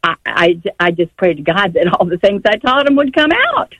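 A woman's voice: fairly low pitch, lively intonation, normal speed, a bit bright, dry recording. An older woman calling in to a radio show, telling her story in a rambling way full of restarts and rising emotion. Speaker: radio call-in caller. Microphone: phone line. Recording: dull, dry phone-line caller audio.

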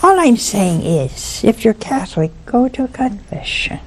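A woman's voice: fairly high pitch, very animated, measured pace, a little mellow, a little hiss or hum. A woman speaking on a religious broadcast, telling a story in an earnest, emphatic way and repeating lines for effect. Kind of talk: preachy storytelling talk.

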